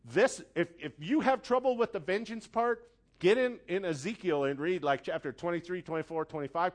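High-pitched guy preaching in church, super animated, squeals out little acted bits. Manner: animated, acts out voices with sudden high squeals. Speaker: pastor. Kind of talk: sermon.

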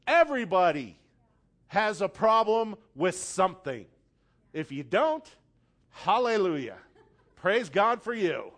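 Slow and sing-song, this high-voiced preacher tells a story dramatically. His sermon builds from soft, hushed passages to loud, forceful appeals.

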